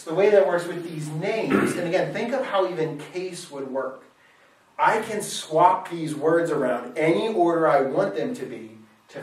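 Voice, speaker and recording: A man's voice: fairly high pitch, a little hiss or hum. A man teaching Latin in a classroom lecture, thinking aloud and correcting himself as he goes. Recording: very echoey room, mic far off.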